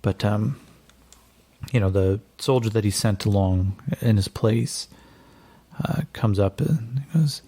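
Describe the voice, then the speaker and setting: A man running a tabletop game as game master, narrating in a relaxed, rambling way with many fillers and self-corrections. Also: fairly low pitch, slow, slightly rough.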